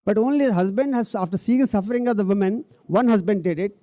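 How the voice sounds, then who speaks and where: A man's voice: sits high, fast talker, dark tone, dry recording. A middle-aged man, giving an earnest public talk on stage, repeating key words for emphasis and speaking directly to the audience. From India.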